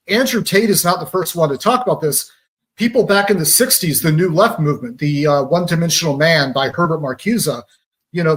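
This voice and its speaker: A man's voice: a little high, fairly bright tone. Man explaining propaganda with pop analogies. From Georgia, US. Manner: analytical, uses pop-culture analogies. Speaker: radio show guest. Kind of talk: conversational explaining.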